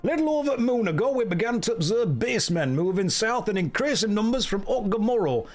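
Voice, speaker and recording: A man voicing a high-pitched military officer in a game cutscene, squeaky and sing-song. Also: big pitch swings, brisk. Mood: earnest.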